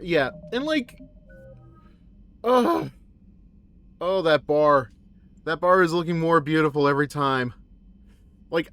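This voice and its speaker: A man streaming a game who talks in a rambling, animated way and often corrects himself mid-sentence. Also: high voice, no room sound. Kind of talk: casual game commentary.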